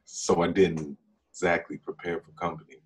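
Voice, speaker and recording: A man's voice: deep voice, little pitch movement, moderate pace, breathy edge. A man reading the part of an easygoing young man with a dry delivery at a table read over a video call. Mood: casual.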